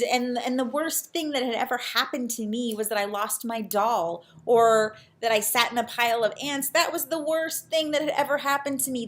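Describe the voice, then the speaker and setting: A woman's voice: high voice, a bit bright. A young adult woman talking earnestly to camera in a casual personal vlog, reflective and prone to restarting her sentences. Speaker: real estate agent and vlogger.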